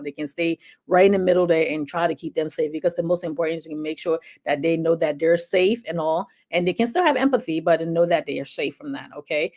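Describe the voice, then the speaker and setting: Chatty middle-aged woman, slightly low voice. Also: a little mellow. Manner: chatty, repeats "okay?" to check in with viewers. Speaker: health video host. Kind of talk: casual advice talk.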